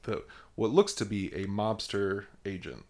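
Low-voiced man chatting loosely. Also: measured pace, darkish tone. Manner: laid-back, rambling, hesitant. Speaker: podcast co-host. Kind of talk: casual chat.

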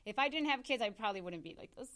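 A woman's voice: on the high side, racing, over a noisy crowd. Woman in her thirties telling her story. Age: 30s. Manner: animated storyteller acting out quoted dialogue, laughs often. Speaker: podcast guest, hairstylist and entrepreneur. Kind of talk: casual interview storytelling.

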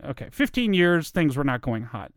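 A man's voice: on the high side, very animated, normal speed, no echo, studio quality. A man with a Southern American accent talking to his computer in a casual, self-deprecating monologue. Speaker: vlogger. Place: at home in front of a computer.

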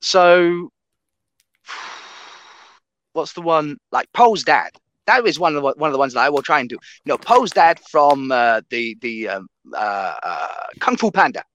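Man, fairly high voice, emphatic, swears a lot, dry close sound, casual chat. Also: measured pace, no room sound, dull audio. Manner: animated, emphatic, swears freely.

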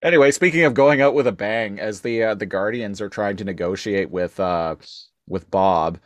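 Man for casual podcast talk, low and dry, halting delivery. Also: no room sound. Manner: hesitant, many fillers and restarts, laughs often. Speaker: podcast co-host. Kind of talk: casual chat.

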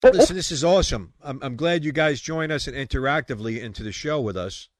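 A man's voice: medium pitch, lively intonation, fast talker, no echo. A man with a New York accent hosting a Christian online radio show, chatting and joking with guests. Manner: joking, rambling, loud sign-offs. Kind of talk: casual chat.

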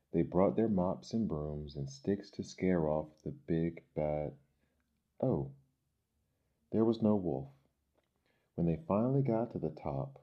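A male storyteller reads children's tales in a very low, dark voice at an unhurried pace. He narrates gently and expressively. The recording has a dull, lo-fi sound. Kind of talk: storybook reading.

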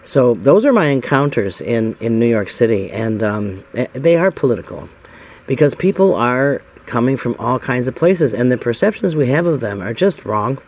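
A man's voice: medium pitch, vocal fry, darkish tone. A middle-aged man from the United States tells a personal story in a rambling, casual way, voicing the dialogue with lots of "I said" and "he says".

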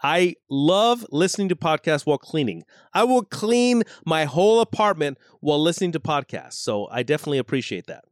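A man with a fairly high, very animated voice co-hosting a casual podcast. He is agreeable and quick to laugh, and the recording sounds dry and close. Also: no room sound. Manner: lively, agreeable, laughs while talking. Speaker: podcast co-host.

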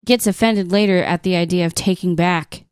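Smooth-voiced woman chiming in on a podcast. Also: fairly low pitch, steady tone, normal speed, dry recording, clean studio sound. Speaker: podcast co-host. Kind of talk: casual discussion.

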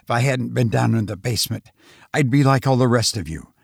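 Man as a grim, hurried father, clipped orders, dry close read. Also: mid-range voice, creaky, husky, no echo. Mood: urgent. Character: urgent, grim middle-aged husband and father.

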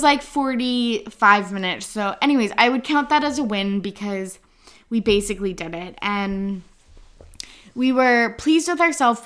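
A woman's voice: mid-range voice, a bit bright, clean tone. Chatty young woman podcaster. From British Columbia, Canada. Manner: chatty, rambling, heavy use of "like", frequent laughs. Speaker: podcast host. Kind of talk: casual solo podcast chat.

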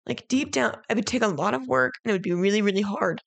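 Chatty woman host with a gravelly voice. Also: medium pitch, fast talker, dry recording. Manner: chatty, heavy use of "like", frank with swearing; emotional, heartfelt reflection. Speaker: podcast host. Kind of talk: casual solo podcast monologue.

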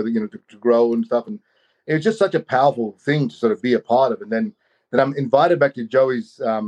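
A man telling a personal story in an animated way, often saying "you know". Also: medium pitch, lo-fi sound. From Australia. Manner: animated, acts out quoted voices, many "you know"s.

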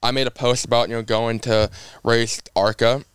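A man's voice: medium pitch, normal speed, clean tone, no room sound. Young male racer, chatty storyteller, clean dry close voice, lots of fillers. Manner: rambling, animated anecdotes with many fillers. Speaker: race car driver guest. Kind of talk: casual storytelling on a podcast.

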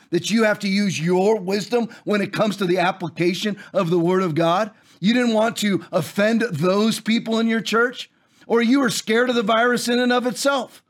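A man in his forties hosting a fiery commentary show, preaching with scripture, forceful and repetitive. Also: sits high. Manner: preachy, forceful, repeats phrases for emphasis. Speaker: host.

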